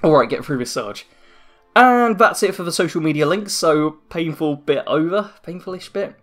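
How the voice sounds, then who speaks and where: A man's voice: on the high side, animated, normal speed, fairly bright tone, soft background music. A young man hosting a casual end-of-year channel update from a dim room at home, rambling with self-mocking jokes. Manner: rambling, self-deprecating, jokey asides. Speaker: YouTube channel host. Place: dim room at home after a work shift.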